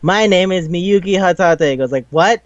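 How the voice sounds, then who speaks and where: A man's voice: high voice, normal speed, dry recording. A man co-hosting a casual anime recap podcast, swearing often, laughing and acting out the characters' lines. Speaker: podcast co-host. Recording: dull lo-fi sound, dry room.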